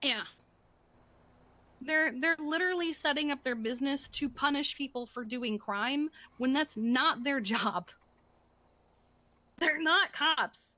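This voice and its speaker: Woman, bright and forceful tone, animated in-character roleplay chat, exasperated rant. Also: high-pitched, slow pace, pauses often, dry recording. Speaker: streamer in a roleplay game.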